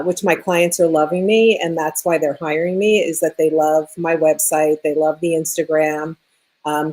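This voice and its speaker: A woman with a New York accent, an interior designer talking casually as a radio guest and thinking aloud as she goes. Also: fairly low pitch. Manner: relaxed, thinking aloud with fillers.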